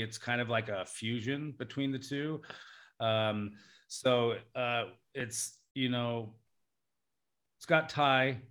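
A man's voice: medium pitch, a bit bright. A man from Alaska talking as a podcast guest, hesitant and full of fillers and restarts. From Alaska, United States. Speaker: podcast guest, English teacher. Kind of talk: casual podcast interview. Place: Thailand.

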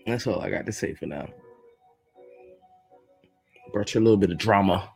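A man's voice: fairly low pitch, normal speed, gravelly, darkish tone, husky, soft background music. A man from Brooklyn, hosting his podcast in a casual, joking solo monologue full of laughter. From Brooklyn, New York. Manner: joking, chatty storytelling with laughs. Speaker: podcast host.

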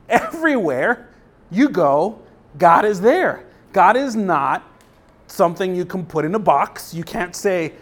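A man's voice: high voice, big pitch swings, unhurried. A young adult man, a pastor, preaching a sermon in a conversational way, often checking in with the congregation and reading scripture aloud with rising emphasis.

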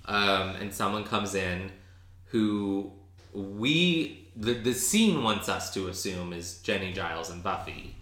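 A man co-hosting a podcast, chatting casually and excitedly as he recaps a TV episode, with many restarts and ums. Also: fairly low pitch, takes it slowly, roomy sound. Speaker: podcast co-host.

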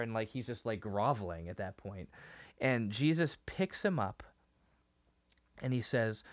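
Animated, emotional male podcast co-host. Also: medium pitch, a little slow, no room sound. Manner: emotional, animated retelling with many fillers and restarts. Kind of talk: casual discussion of a TV episode.

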